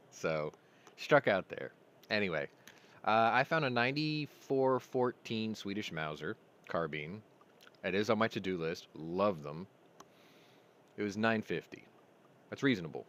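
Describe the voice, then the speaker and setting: Rambling low-voiced man chatting casually. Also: expressive, normal speed, pauses often, fairly bright tone. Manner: rambling, joking, laughs at his own stories. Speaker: host. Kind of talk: casual live-stream chat.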